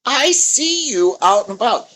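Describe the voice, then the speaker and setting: A man voicing a livid teenage girl classmate, shrill and incredulous. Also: sing-song, measured pace, pushed and bright, a little hiss or hum, heavily acted, low-quality recording.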